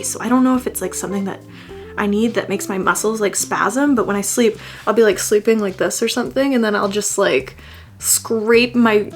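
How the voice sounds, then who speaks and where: Speaking a little fast with fairly even intonation, this medium-pitched young woman is heard over faint music. The twenty-something beauty vlogger chats through her makeup, joking at her own expense, swearing liberally, and slipping into mock-dramatic wails.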